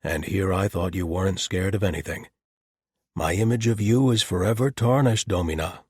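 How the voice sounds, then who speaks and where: A man voicing a large, dry-humored male paladin captain, with deadpan wit. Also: low-pitched, moderate pace, husky, no room sound.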